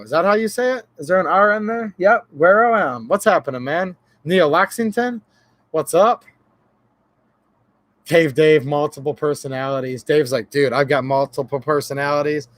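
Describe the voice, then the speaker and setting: Man, livestream host, casual rambling chat, joking, slightly high voice, dry close sound. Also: fairly bright tone, no echo. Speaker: gun channel livestream host.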